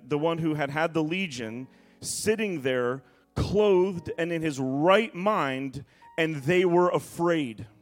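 Expressive male preacher reading scripture. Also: on the high side. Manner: dramatic reading aloud, breaking into asides. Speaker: pastor.

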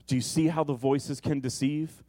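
A man preaching a sermon, animated and conversational, often asking the congregation questions. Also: on the high side, normal speed.

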